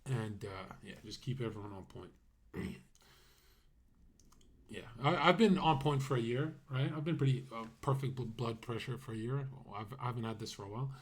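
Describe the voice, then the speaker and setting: A man's voice: mid-range voice, animated, moderate pace. A man streaming a casual monologue, brash and rambling, with many fillers and asides that trail off.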